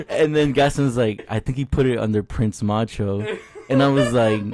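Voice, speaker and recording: A man's voice: mid-range voice, steady tone, unhurried, few pauses, over a noisy crowd. A man co-hosting a podcast, casually telling a funny story with crude slang and laughter. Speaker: podcast co-host. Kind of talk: casual storytelling among friends.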